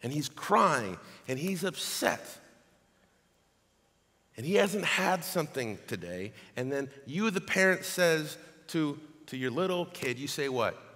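A man preaching a sermon as pastor, reading scripture aloud in an animated way. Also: a little high, measured pace. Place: church sanctuary. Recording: long hall reverb.

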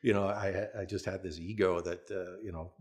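A man in his sixties, a veteran stunt performer, telling anecdotes in an interview with a relaxed manner, frequent restarts and little chuckles. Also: low voice, normal speed. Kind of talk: interview storytelling.

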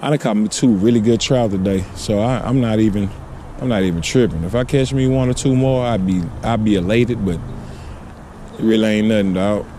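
A man casually vlogging his fishing, excitable and slangy, often repeating himself. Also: fairly low pitch, moderate pace, a little hiss or hum. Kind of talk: casual on-camera fishing vlog. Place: outdoors on a city riverbank.

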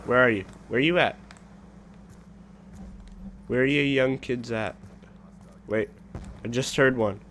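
A young man giving casual commentary over his own gameplay, excitable and trash-talking, swinging between low mumbles and sudden shouts. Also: slow, long pauses, slight background noise. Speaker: gaming channel host.

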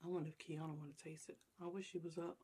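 This mukbang vlogger has a deep, mellow voice with a breathy edge, and she speaks at a quick pace with flat delivery. Between bites of her on-camera meal, which she clearly savors, she chats casually to viewers, often mid-chew.

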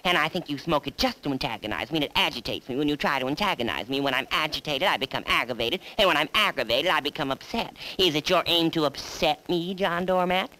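A woman's voice: sits low, animated, fast talker, few pauses, pushed and bright, rough recording. A woman voicing a nagging middle-aged housewife in a cartoon, scolding her husband and repeating his full name. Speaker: cartoon voice actor. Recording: old 16mm film soundtrack with music.

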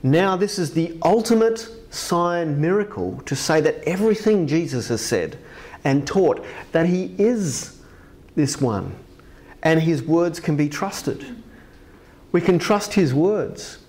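A man with a slightly high voice preaches in a church. He talks with lively emphasis and rises sharply on key phrases as he reads scripture aloud. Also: unhurried. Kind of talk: sermon.

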